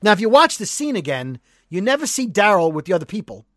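A man co-hosting a podcast, retelling a TV episode as an animated storyteller who acts out the quotes. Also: high-pitched, quick pace, no room sound, clean studio sound. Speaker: podcast co-host. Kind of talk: casual recap chat.

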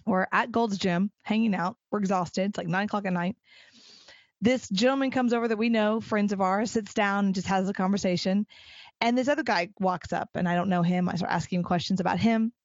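A woman's voice: medium pitch, a little fast, dry recording. Woman, solo podcast host, emphatic, acts out dialogue, dull lo-fi sound.

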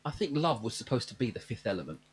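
A man's voice: medium pitch, very animated, quick pace, husky. A man co-hosting a casual chat, wryly retelling a film's scenes in detail. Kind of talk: casual film recap chat.

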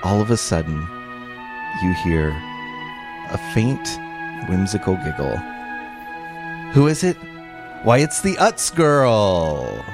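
A man reading a mock radio commercial aloud, stage directions and all, in a hushed and dramatic way. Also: deep voice, sing-song, over music, exaggerated voice. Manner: hushed, dramatic, drawn-out storytelling.

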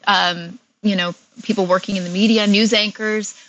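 A woman's voice: medium pitch, fairly even intonation, normal speed, fairly bright tone, dull audio, slight background noise. A woman guest on an interview, an actress chatting casually with lots of fillers and frequent laughs.

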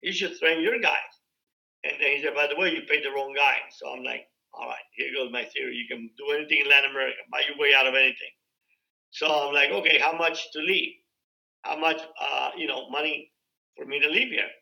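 A man's voice: medium pitch, fairly even intonation, a little fast, vocal fry, sharp tone, low-quality recording. A man telling his own story in a loose, conversational way, with frequent fillers and acted-out quoted dialogue. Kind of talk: casual spoken storytelling.

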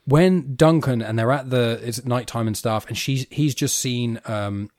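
A British man co-hosting a podcast, chatting casually about a film in an animated, rambling way and laughing easily. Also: mid-range voice, measured pace, no room sound, studio quality. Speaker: podcast co-host.

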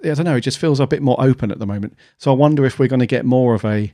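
A man's voice: medium pitch, rapid-fire, dark tone, no room sound, studio quality. A man co-hosting a podcast in casual chat, musing aloud with many fillers. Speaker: podcast co-host.

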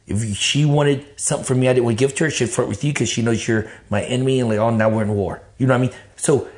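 A man from Texas, telling his life story in casual, animated talk full of cursing, acting out his own past thoughts. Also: mid-range voice, quick pace.

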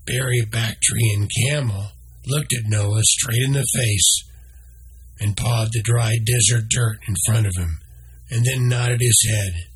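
A man narrating a children's story in a slow, measured read-aloud style. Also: on the low side, steady tone, slight background noise.

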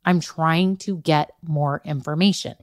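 A woman's voice: sits low, fairly even intonation, measured pace, no room sound, clean studio sound. A woman hosting a solo business podcast, chatty and upbeat, who calls her own way of talking old-school Valley girl and keeps checking in with the listener. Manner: chatty, upbeat, talks straight to the listener with "okay" and "right". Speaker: podcast host and business coach.

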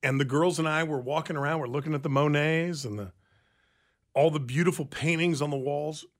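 A man co-hosts a radio talk show with a slightly high voice. He tells stories in an easy, chatty manner and gets animated as he recounts them. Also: a little fast. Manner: chatty storyteller, animated retelling. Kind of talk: casual chat.

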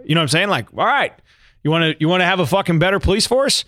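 A man co-hosts a podcast in casual, rambling chat that keeps circling back with "like" and the odd curse. His voice is a bit high and sits dry and close to the microphone. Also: expressive, rapid-fire, sharp tone, dry recording. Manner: rambling, filler-heavy, profane. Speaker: podcast co-host.

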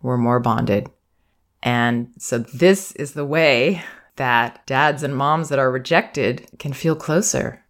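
A woman parenting educator giving calm, reflective advice in a monologue, sometimes acting out soothing phrases meant for a child. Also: extremely low pitch, slow. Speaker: parenting educator and podcast host.

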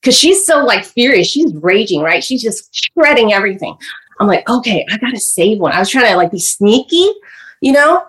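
Animated, slightly high-voiced woman in her 50s. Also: moderate pace. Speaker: podcast guest. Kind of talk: candid personal storytelling.

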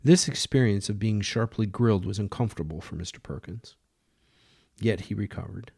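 A man narrating a dramatic story in steady, plain reading. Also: on the low side, moderate pace, creaky, slightly rough, no echo, studio quality.

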